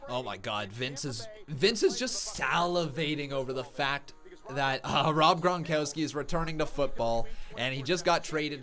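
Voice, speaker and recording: A young man hosting a live watch-along stream, giving casual commentary that flares into loud excited outbursts. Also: fairly high pitch. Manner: excitable, bursts into loud shouts.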